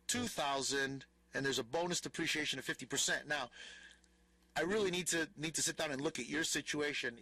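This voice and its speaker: Dry bright-voiced radio tax host. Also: male voice, on the high side, no echo, poor audio. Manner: plain-spoken, answers listeners' tax questions. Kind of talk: call-in radio talk.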